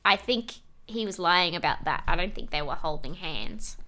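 A woman's voice: on the low side, lively intonation, normal speed, sharp tone. A woman co-hosting a podcast, recapping a reality show in casual chat, laughing often and swearing freely. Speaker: podcast co-host.

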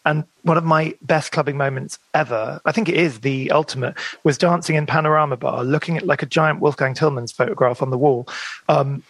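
Chatty man, slightly high voice. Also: steady tone, a little fast, a bit bright, breathy edge, no room sound. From England, grew up in Reading, Berkshire. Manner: chatty and rambling, full of "like" and trailing asides. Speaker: guest musician. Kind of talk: podcast interview, storytelling.

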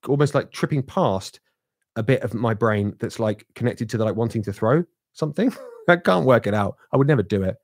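A man talking fast and casually, tripping over restarts as he rambles. His voice is mid-pitched and sounds close and dry. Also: lively intonation, dry recording. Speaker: podcast co-host. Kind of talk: casual chat.

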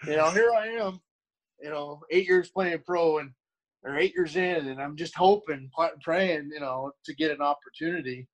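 A man's voice: fairly high pitch, normal speed, poor audio. A middle-aged man, a former pro hockey player, telling candid stories in a rambling way, full of restarts and fillers. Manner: candid, acts out quoted voices. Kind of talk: casual storytelling.

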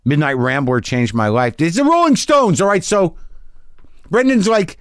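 Excitable profane man telling a story. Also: on the high side, normal speed, clear, resonant tone, dry recording, clean studio sound. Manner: excitable, profane, rambling with restarts. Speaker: podcast host. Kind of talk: casual storytelling monologue. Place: home garage studio.

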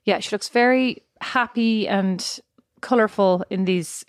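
A young woman co-hosting a casual chat, telling rambling, animated stories. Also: medium pitch, measured pace, no room sound, clean studio sound. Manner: chatty storytelling, animated and rambling.

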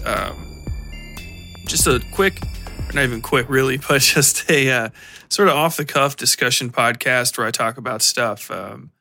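A man's voice: medium pitch, pushed and bright. A man hosting his own podcast, chatting off the cuff with fillers and small laughs. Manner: rambling, with fillers and self-conscious laughs. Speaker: podcast host and author.

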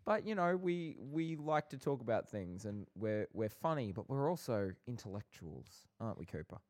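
A man's voice: medium pitch, sing-song, moderate pace, darkish tone. A young man co-hosting a casual podcast with his brother, bantering playfully with light sarcasm. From Australia. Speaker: podcast co-host.

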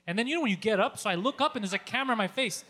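A man telling a story on a podcast in a casual, animated way, swearing a lot and acting out his own yelling. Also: high-pitched, rapid-fire. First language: Greek. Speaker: podcast co-host.

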